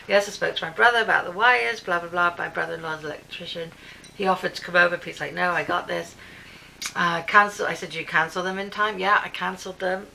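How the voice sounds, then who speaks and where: A woman's voice: fairly low pitch, gravelly, slight background noise, poor audio. A British woman telling her day in a chatty vlog at home, acting out what everyone said, recorded on her camera. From Britain. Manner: chatty, animated storytelling with reported speech. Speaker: vlogger. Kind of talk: casual vlog rant recounting her day.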